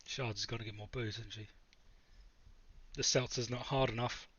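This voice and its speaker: A man's voice: medium pitch, steady tone, normal speed, a bit bright, highs cut off, slight background noise. A man playing a tabletop game who jokes and swears casually. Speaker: player.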